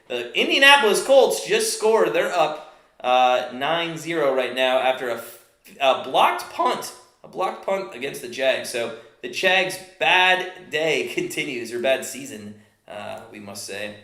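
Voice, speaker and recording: A man's voice: mid-range voice, sing-song, measured pace, pushed and bright, reverberant. A young man doing casual live play-by-play for a watchalong stream, chatty, often stumbling over names with fillers and restarts.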